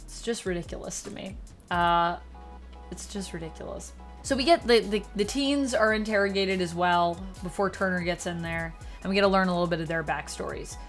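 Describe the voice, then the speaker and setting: A woman's voice: fairly quick, faint music behind. Chatty, sarcastic woman reviewing a show. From Canada. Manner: chatty and sarcastic, with jumpy pitch and loudness. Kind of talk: casual spoken review.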